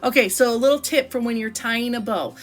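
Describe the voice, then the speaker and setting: Upbeat woman chatting thru her craft pages, kinda high voice, faint music underneath. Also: fairly quick. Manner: chatty and enthusiastic, lots of "I love" and "like". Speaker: crafting vlogger. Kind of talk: casual craft flip-through chat.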